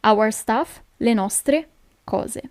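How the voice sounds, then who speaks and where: Slow, patient Italian-accented woman teacher. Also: a little high, animated, a little mellow, no echo, studio quality. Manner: patient explaining, often checks with "okay?". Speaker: language teacher. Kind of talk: recorded language lesson.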